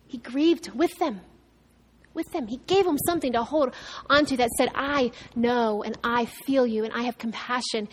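A woman pastor delivers a sermon with a fairly high, clear voice. She preaches conversationally, with asides and restarts. Her delivery swings from raised, emphatic lines to soft, hushed ones.

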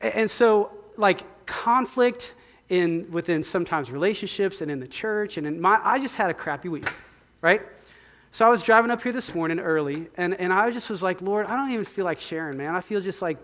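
A man's voice: high-pitched, expressive, normal speed, a bit bright. A man in his forties, a youth pastor, preaching a candid, conversational sermon and asking the congregation to call out answers. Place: church sanctuary. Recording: long hall reverb.

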